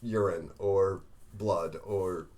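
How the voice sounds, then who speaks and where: A man's voice: low-pitched, fairly even intonation, extremely slow, darkish tone. A male podcast co-host in casual chat, talking in a sardonic, ranting way.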